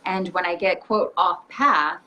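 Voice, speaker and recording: A woman who works as an energy healer, a guest in a casual conversation, telling stories in an animated way and laughing often. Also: on the low side, measured pace, lo-fi sound.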